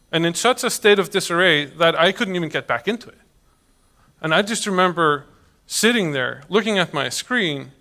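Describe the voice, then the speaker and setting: A man in his thirties tells a personal story before an audience. His voice sits high and bright, and it rises and falls a great deal. He drops into other people's voices as he goes. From Iceland. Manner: animated, acts out quoted voices. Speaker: public speaker.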